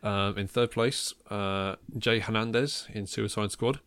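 A man's voice: on the low side, steady tone, measured pace, a bit bright, clean tone, no echo. A man hosting a casual film podcast, talking in a wry way with many ums and chuckles at his own jokes. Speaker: podcast host.

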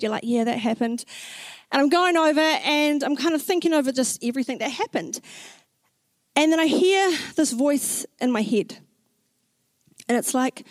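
A young woman sharing a personal faith story in a chatty, expressive way, with many "like" fillers and acted-out reactions. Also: high voice, dry recording. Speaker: speaker sharing a faith testimony.

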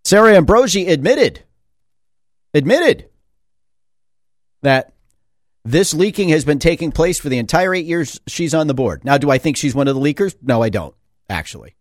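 A man's voice: on the high side, very animated, normal speed, pauses often, no room sound, clean studio sound. A man who sits on a school board, giving a sarcastic opinion monologue full of rhetorical questions. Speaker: school board member and commentator.

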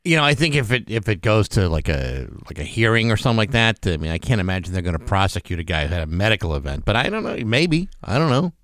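A man's voice: lowish voice, very animated, fast talker, few pauses, a bit bright, no room sound, clean studio sound. A man co-hosting a morning radio show with wry, teasing remarks. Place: radio studio.

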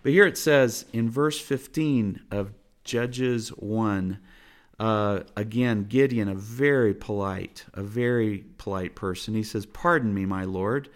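A man's voice: on the low side, slow pace. A man preaching a sermon from his family's dinner table, earnest and exhorting, driving points home with repeated phrases. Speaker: pastor.

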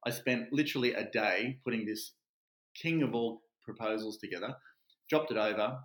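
A man's voice: lowish voice, normal speed. A man, a real estate agent and podcast guest, telling stories animatedly and acting out what people said. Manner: animated storyteller who acts out quotes. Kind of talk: casual storytelling interview. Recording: roomy echoey sound.

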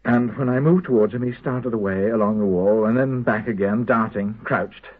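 An actor playing a haunted prisoner who makes a halting, intense confession to his comrades in a 1970s radio drama. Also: lowish voice, natural voice. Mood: grim. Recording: tinny lo-fi old radio broadcast.

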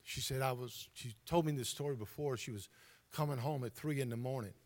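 A man's voice: medium pitch, brisk, slight background noise. A man preaching a fervent sermon as pastor, calling out to his congregation. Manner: fervent, call-and-response preaching.

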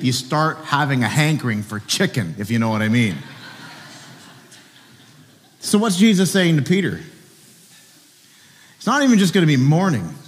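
A male pastor preaching a sermon with animated storytelling and joking asides. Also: mid-range voice, long reverb tail.

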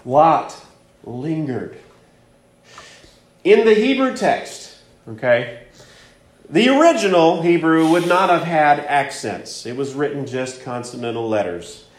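Slow-speaking preacher man in a roomy echo. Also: on the high side, lively intonation. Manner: prayerful and hushed, then emphatic and rising. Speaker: pastor. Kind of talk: sermon.

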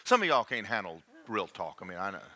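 An older man preaching a sermon, swinging between hushed asides and slow, emphatic lines. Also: fairly low pitch, very animated. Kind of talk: sermon with personal testimony.

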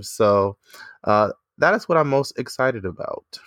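A woman's voice: a bass voice, lively intonation, unhurried, no room sound, clean studio sound. A woman in her twenties, a teacher co-hosting a podcast, chatting casually and laughing often.

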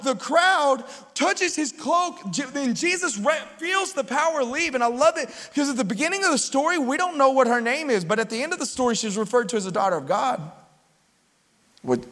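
Male pastor, high voice, lively conversational sermon, long hall reverb. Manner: animated, conversational preaching with acted-out quotes.

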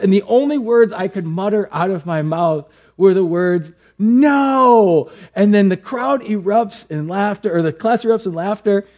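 A man's voice: fairly high pitch, darkish tone. A male pastor preaching a sermon, telling a personal story with acted asides.

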